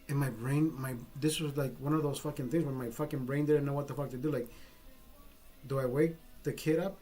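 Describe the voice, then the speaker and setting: A man's voice: a little high, darkish tone. A man telling a personal story in a casual vlog, rambling and swearing freely with frequent restarts. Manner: profane, rambling, self-interrupting. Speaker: vlogger.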